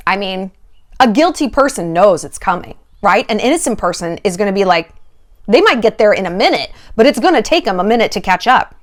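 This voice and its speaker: A woman giving dating advice in a casual commentary vlog, animated and sarcastic, swearing freely and acting out quoted voices. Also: mid-range voice, a little fast.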